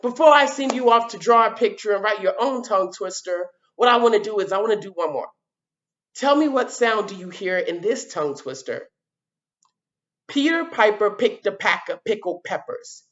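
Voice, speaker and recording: A woman teaching a children's video lesson, sounding out letters and repeating words slowly at a whiteboard. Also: medium pitch, expressive, a bit bright, highs cut off.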